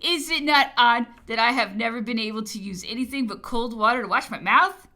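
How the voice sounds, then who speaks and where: A commanding, brusque aging emperor barks curt orders and teases his servants, as a woman reading the memoir puts him on. The voice sits a little high and very bright. The delivery is imperious and clipped. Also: a little fast. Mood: explaining.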